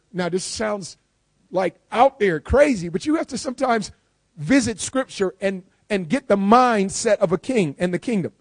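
A male preacher delivering a live sermon to a congregation, emphatic and repeating key lines, moving between quiet asides and loud declarations. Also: high-pitched, expressive, normal speed, no echo.

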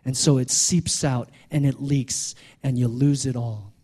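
A man's voice: steady tone, unhurried, warm tone. A middle-aged man preaching a sermon, building to calls at the congregation and dropping into joking asides. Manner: joking asides in a lower conversational voice. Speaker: pastor.

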